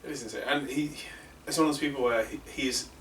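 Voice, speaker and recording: A man's voice: mid-range voice, steady tone, quick pace, fairly bright tone, far from the mic. A chatty northern English man talks casually as a guest and spins his stories with an easy, laughing delivery. He sits well back from the mic in an echoey room. A faint hiss runs under the recording. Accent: northern English, near Manchester. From England. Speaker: guest, wrestler. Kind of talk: casual chat.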